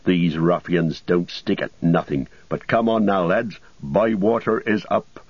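Gruff older male hobbit farmer voiced by a man, rustic, eager, dry close sound. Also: sits low, unhurried, no echo, exaggerated voice. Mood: hearty. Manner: rustic, hearty exclamations. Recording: dull lo-fi recording.

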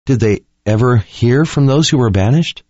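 A man voicing a compassionate young woman in an audiobook, his voice lifted higher for her. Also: normal speed, darkish tone, no room sound, close to an everyday voice. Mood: horrified. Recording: dull lo-fi dry recording.

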